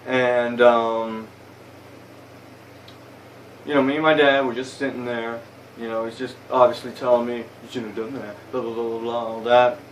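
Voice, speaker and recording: A man's voice: medium pitch, level tone, moderate pace, recorded from a distance, slight background noise, rough recording. A young man telling a story in a casual vlog, rambling and swearing a lot, heated and blunt. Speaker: vlogger. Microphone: phone camera.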